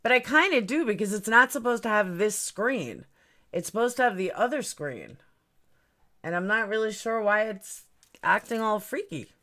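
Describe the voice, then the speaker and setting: A woman with an expressive, mid-range voice, bright and forceful, talks at a moderate pace while hosting a casual livestream. She greets viewers by name and rambles, puzzled, as she messes with her stream settings.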